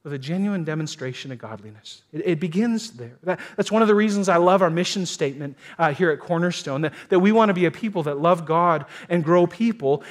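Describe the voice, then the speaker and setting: A man preaching a sermon as a pastor, earnest and emphatic, acting out quotes and often restarting his words. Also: fairly high pitch. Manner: frequent stammered restarts.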